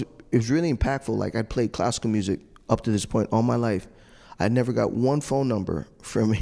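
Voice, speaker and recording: A middle-aged man telling an animated story to an audience, acting out the voices he quotes and laughing often. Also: fairly low pitch, vocal fry. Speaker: trumpet player on a judges panel. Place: large hall. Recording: long reverb of a large hall.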